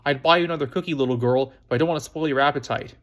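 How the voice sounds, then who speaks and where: A man's voice: fairly high pitch, very fast, close to an everyday voice. A man reading as a joking thirty-year-old reporter. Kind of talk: read-aloud novel dialogue.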